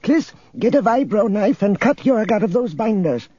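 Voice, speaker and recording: A man voicing a feisty, triumphant old woman in an audiobook, with a high, crowing voice. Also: lively intonation, moderate pace, dark tone, breathy edge, no room sound, dull audio. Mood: gleeful fierce.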